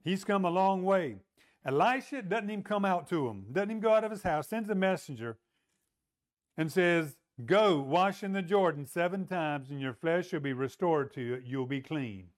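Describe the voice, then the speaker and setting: A man's voice: high voice, lively intonation, moderate pace. A man preaching a sermon, retelling a story and acting out the voices in quotes. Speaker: pastor.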